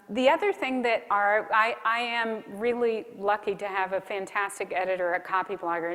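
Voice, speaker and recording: A woman delivers a conference keynote in a friendly, practical, instructive way. Her voice sits at an ordinary middle pitch. A long reverb tail from the hall hangs around every phrase. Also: a bit bright. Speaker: keynote speaker.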